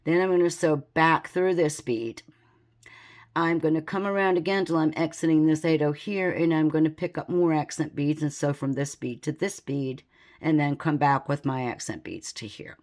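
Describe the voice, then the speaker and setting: Low-voiced woman teaching beadwork. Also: normal speed. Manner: calm, methodical, counts beads aloud. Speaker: beading instructor. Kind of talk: step-by-step craft tutorial.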